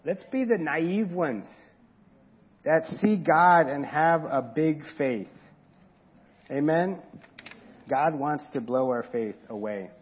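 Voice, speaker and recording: A man preaching a sermon in a conversational way, now and then acting out quoted voices louder and higher. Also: expressive, takes it slowly, pauses often, husky, muffled recording. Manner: conversational, acts out quoted voices with rising pitch and volume. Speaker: pastor.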